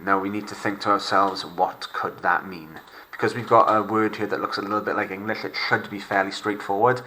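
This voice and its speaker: A male teacher talking through a recorded lesson for pupils at home. His voice sits a bit low but carries a bright, forceful tone. He slows right down to model each phrase clearly before explaining it. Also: poor audio. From Wales.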